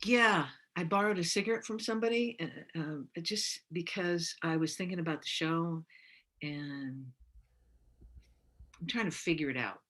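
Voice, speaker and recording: A woman playing a bright, rambling overthinker. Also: lowish voice, measured pace. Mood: brooding. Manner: rambling, trails off, many fillers. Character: evasive, overthinking woman, a computer scientist. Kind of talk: live improvised romantic comedy scene. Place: theatre stage.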